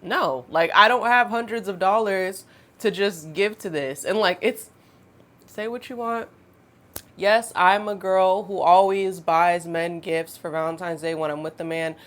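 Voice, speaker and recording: A woman's voice: mid-range voice, measured pace. Chatty young woman telling a story. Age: 20s. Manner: animated, chatty, laughing asides. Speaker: storytime vlogger. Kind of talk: casual storytime monologue.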